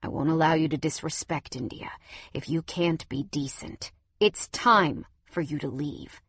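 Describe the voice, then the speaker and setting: A woman voicing a quiet, steady protective man in an audiobook, firm and low-key. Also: normal speed, slightly rough, no echo.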